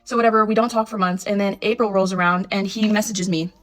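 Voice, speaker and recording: A woman in her twenties telling a casual storytime, chatty and animated, acting out her own texts. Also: medium pitch, quick pace, soft background music. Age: 20s. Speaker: storytime vlogger.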